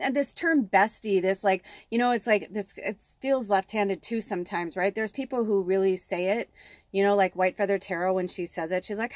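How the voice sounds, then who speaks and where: A middle-aged woman from Chicago's south suburbs talks through a spiritual reading in a loose, wandering way, drifting into side stories and dropping curse words without a second thought. Her voice sits at an ordinary middle pitch and is recorded dry and close, with no room sound around it. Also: brisk, no room sound. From south suburbs of Chicago, USA. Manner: rambling, digressive, candid, swears freely. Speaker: tarot reader and medium.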